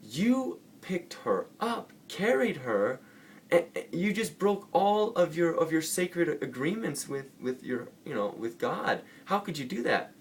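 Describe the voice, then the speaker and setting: A man's voice: a little high, big pitch swings, unhurried, a little hiss or hum, pitched above the performer's own voice. A man voicing an indignant monk who scolds his companion for breaking the rules. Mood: furious. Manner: outraged, accusing. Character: indignant young male monk, rule-bound.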